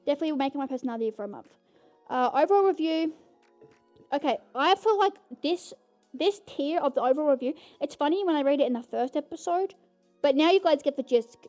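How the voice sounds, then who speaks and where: A woman's voice: high-pitched, expressive, fast, darkish tone, soft background music. A young woman hosting her own podcast, giving a casual, rambling movie review and calling her listeners "guys". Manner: bubbly, rambling, keeps saying "guys". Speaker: podcast host.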